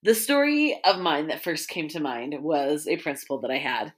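Woman, podcast host, reads listener stories, lower pitch, lively delivery. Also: normal speed. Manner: reads listener stories aloud, reacts with laughs. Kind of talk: casual chat.

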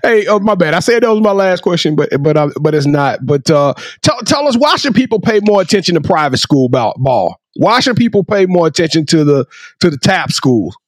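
Male sports-show host, high voice, playful, repeats words, dry and close. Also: very animated, fairly quick, no echo. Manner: playful, hypes the guest, stammers and repeats words. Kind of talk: casual interview.

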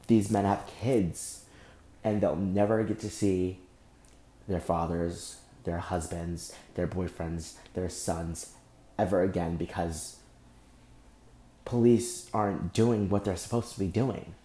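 A young man hosting a solo podcast, speaking angrily and with deep emotion, often breaking off and repeating himself. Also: takes it slowly, long pauses, dark tone, reverberant. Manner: angry, emotional, repeats and restarts. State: emotionally shaken. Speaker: podcast host. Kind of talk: impassioned solo podcast monologue.

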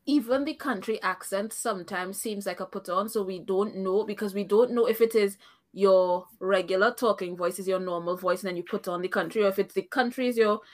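This is a woman co-hosting a casual recap chat with a pitch sitting in the middle range. She talks through her opinions firmly, circles back on her own points and often breaks into laughter. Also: a little fast. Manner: opinionated, laughs often, repeats herself as she thinks aloud. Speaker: podcast co-host.

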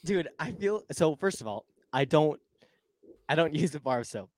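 A man's voice: fairly high pitch, animated, normal speed, a little mellow, dry recording. A man co-hosting a casual podcast chat, playful and rambling, laughing often. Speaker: podcast co-host.

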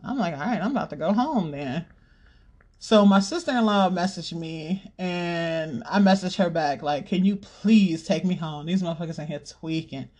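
A podcast host casually telling a stressful family story in a blunt, profanity-heavy, animated way. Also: medium pitch, normal speed.

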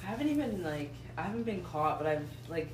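A woman's voice: lowish voice, big pitch swings, fast, roomy sound, far from the mic, a loud crowd. A young woman chatting casually with friends and recounting a story. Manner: laughs often, chimes in. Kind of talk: casual chat.

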